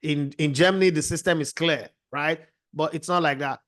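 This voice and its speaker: A man's voice: a little high, steady tone, moderate pace, fairly bright tone. A man hosting a heated football discussion, firing rhetorical questions at his guests. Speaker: host. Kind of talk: heated sports debate.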